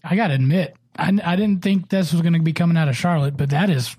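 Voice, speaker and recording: A man hosting a casual podcast, friendly and chatty, often pausing with fillers. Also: a little high, dark tone, slightly rough, no echo. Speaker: podcast host.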